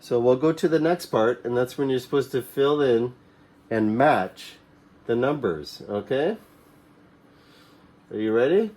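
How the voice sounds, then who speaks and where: A man teaching a children's English reading lesson, reading short phrases slowly and clearly for the class to repeat. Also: medium pitch, expressive, darkish tone.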